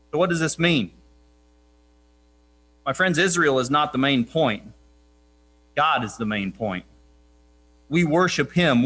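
A man preaching a sermon in a somewhat high voice. He is earnest and emphatic, slowing down to press key points and quoting scripture with weight. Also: fairly bright tone.

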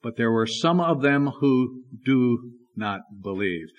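A man's voice: medium pitch, lively intonation, slow pace, highs cut off. Emphatic male preacher asking questions. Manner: emphatic, asks the congregation rhetorical questions. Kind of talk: sermon.

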